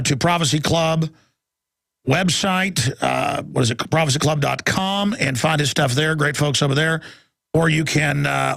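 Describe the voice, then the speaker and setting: A man's voice: on the high side, vocal fry, fairly bright tone, dry recording. A man hosting a call-in talk radio show, talking in a rambling, emphatic way with lots of fillers and restarts.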